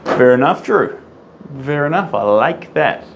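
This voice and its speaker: A man talks casually while he paints live, humming little tunes and reading out viewer comments as they come in. His voice moves a lot, rising and falling in lively swings. A faint hum of studio noise sits behind him. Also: fairly high pitch, a little slow, gravelly. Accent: non-American English, rolled R. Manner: chatty, hums and sings to himself, reads out and answers chat comments. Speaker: artist streaming live painting.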